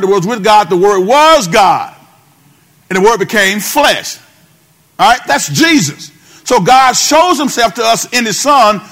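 High-pitched male pastor, call-and-response sermon, sing-song repeats. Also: a bit bright.

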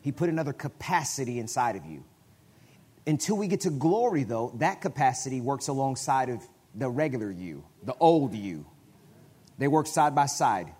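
A man preaching a sermon in a conversational way, often restarting his phrases and breaking into sudden loud bursts. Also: mid-range voice, very animated, moderate pace, slightly rough. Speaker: guest preacher.

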